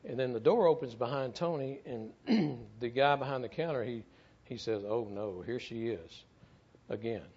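A middle-aged man preaches in a halting, earnest way, stumbling over and repeating words as he tells a story. His voice sits at an ordinary pitch and comes through a dull, lo-fi recording. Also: a little mellow, husky. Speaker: church speaker, former firefighter. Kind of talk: sermon storytelling.

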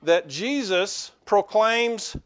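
In church, a male pastor gives a lively sermon, joking with the congregation and calling for amens. His voice is high and he draws out his words. The recording sounds muffled.

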